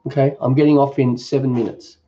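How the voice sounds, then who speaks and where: A man's voice: mid-range voice, flat delivery, a little fast, lo-fi sound. A man hosting a cooking channel's live Q&A. He reads viewer comments aloud and answers them in an easygoing, off-the-cuff way. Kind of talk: casual live-stream Q&A.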